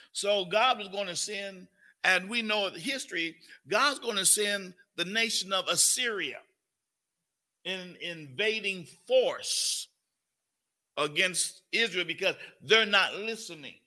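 A man's voice: high-pitched, animated, slow pace, sharp tone. An older man, teaching a Bible study sermon in a folksy way and calling on his listeners. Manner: folksy, calls on listeners, puts on a cooing grandparent voice. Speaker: pastor.

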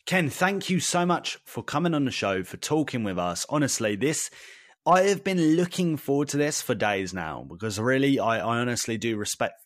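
A man's voice: medium pitch, expressive, moderate pace, dry recording, studio quality. Chatty British man telling a story. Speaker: podcast co-host. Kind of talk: casual podcast chat.

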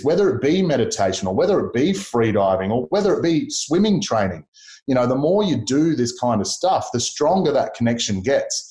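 A man, chatting as a podcast guest and telling lively stories. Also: mid-range voice. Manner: animated storyteller who acts out quoted voices. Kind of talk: casual conversation. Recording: roomy echo.

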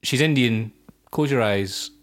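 A man's voice: mid-range voice, a little slow. Male co-host, 30s, casual sweary storyteller for podcast chat.

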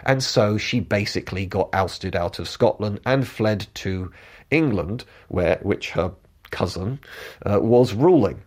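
A man talking casually as a history commentator, chatty and digressive, with quick asides. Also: on the low side, expressive, a little mellow.

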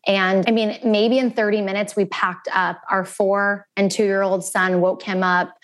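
A woman in her thirties, a guest in an interview, telling a personal story in an earnest, animated way and acting out the voices of the people in it. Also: medium pitch, unhurried. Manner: earnest and animated, acting out quoted phone calls.

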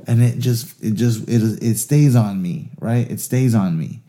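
A man's voice: mid-range voice, unhurried. A man telling a long casual story, swearing freely and laughing as he goes. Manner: animated, profane, laughs through his stories.

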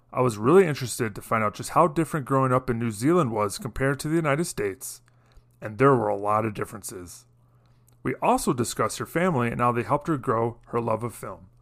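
A man hosting a podcast, introducing his guest and chatting casually in a friendly, slightly halting way. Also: medium pitch, expressive. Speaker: podcast host. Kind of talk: casual interview chat.

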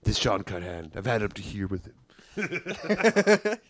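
A man's voice: on the low side, very animated, takes it slowly, crowd noise, voice pushed down. A man putting on the voice of a rowdy young man griping through a story about a bad night, rambling and indignant.

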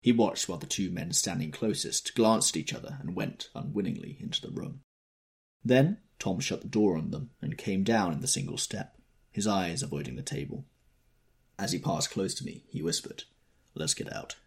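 A man narrating a novel in a measured, expressive storytelling manner. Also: sits low, gravelly, breathy edge. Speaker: audiobook narrator. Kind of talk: scripted literary narration.

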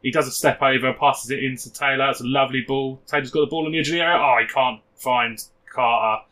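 A man's voice: medium pitch, fairly even intonation, fast talker, bright, forceful tone. A man co-hosting a football podcast, chatting casually and doing joking match commentary. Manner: laddish, self-mocking. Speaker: podcast co-host.

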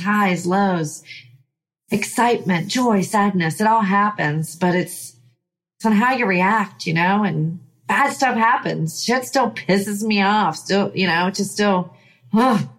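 A woman life coach telling her story in an emphatic, sighing way, with fired-up bursts. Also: mid-range voice. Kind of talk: motivational personal story.

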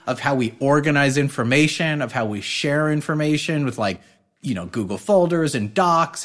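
Animated man co-hosting a podcast. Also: a little high. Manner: animated storyteller, leans on "right?". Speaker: podcast co-host. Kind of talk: casual conversational podcast.

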